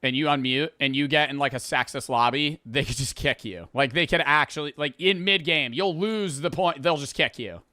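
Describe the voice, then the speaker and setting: Male co-host, bright and tense voice, dry close sound, animated and foul-mouthed. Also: fairly high pitch, moderate pace, hardly any pauses, no room sound. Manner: animated, swearing. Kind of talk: casual chat.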